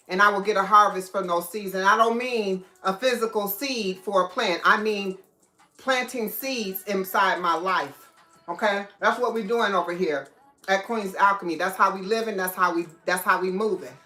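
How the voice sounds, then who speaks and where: A woman chats casually on a live stream, talking straight to her viewers and welcoming each one by name. Her voice sits at an ordinary middle pitch. The sound comes from an echoey room with faint music playing behind her. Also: sharp tone. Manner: chatty, greets viewers by name. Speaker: livestream host.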